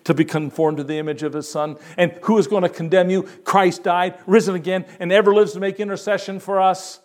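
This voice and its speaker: An older man preaching a sermon, quoting scripture and repeating words for emphasis with expressive swings in delivery. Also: sits high, brisk.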